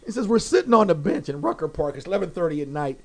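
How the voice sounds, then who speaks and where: A man interviewing a guest, telling stories with lively quoted voices. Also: fast talker. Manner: animated storyteller, quotes people with lively pitch jumps. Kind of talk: casual storytelling interview.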